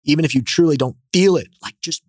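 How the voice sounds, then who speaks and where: A man, a company founder, telling energetic stories as a guest in a casual interview. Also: on the high side, quick pace, no room sound, studio quality. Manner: animated, energetic storyteller.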